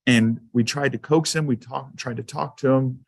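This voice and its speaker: A man's voice: mid-range voice, fairly even intonation, moderate pace, vocal fry. A man giving a school safety presentation to a council, telling personal anecdotes in a loose, conversational way with frequent fillers.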